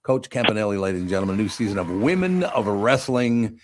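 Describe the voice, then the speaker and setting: A man's voice: on the low side, a little fast, slight background noise. An older man from Minnesota hosting a radio talk show, chatting and telling rambling stories with many restarts. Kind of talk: casual interview chat.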